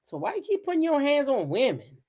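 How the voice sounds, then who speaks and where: A woman hosting her own channel, telling stories in a blunt, profane, animated style. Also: sits high, a little fast. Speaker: channel host. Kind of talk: casual commentary chat.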